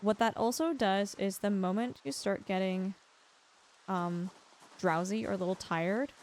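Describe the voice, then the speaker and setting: A woman's voice: mid-range voice, measured pace, a little mellow, slight background noise. A young woman streaming a survival game live, chatting through her play and greeting viewers by name.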